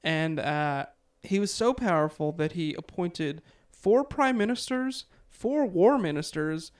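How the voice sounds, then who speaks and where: A man's voice: high voice, measured pace. A man casually telling a history story on a podcast from his notes, with lots of fillers. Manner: relaxed, filler-heavy, chuckles often. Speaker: podcast host.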